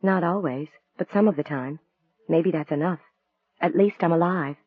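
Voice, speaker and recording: A man reading the lines of a gentle, wistful woman novelist in a soft, earnest voice, raising his pitch for her. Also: normal speed, no echo, lightly acted. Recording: dry, tinny phone-like sound.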